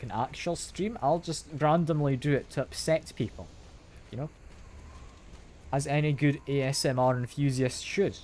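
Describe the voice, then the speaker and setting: A man's voice: mid-range voice, a little hiss or hum. A young man with a mild Scottish accent, chatting casually to his live-stream viewers while gaming at home on a sensitive desk mic. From Scotland. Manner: chatty, self-deprecating, answers chat aloud with soft laughs.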